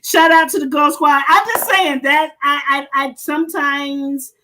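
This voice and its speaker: A woman with a bright, high voice telling a story in casual conversation. She is animated, laughs often and pokes fun at herself. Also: unhurried, a little hiss or hum. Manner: animated, laughing, self-deprecating. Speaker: guest speaker and educator.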